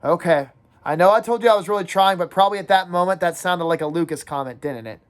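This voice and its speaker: A woman teacher reading a novel aloud in first person to her class, pausing to talk to her students and ask them questions. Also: on the low side.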